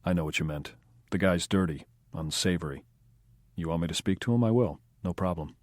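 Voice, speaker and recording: A man reading the lines of a calm, street-smart former gangster in an audiobook, laconic and unhurried. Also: low-pitched, dry recording, studio quality, natural voice. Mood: cool. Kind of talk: audiobook dialogue.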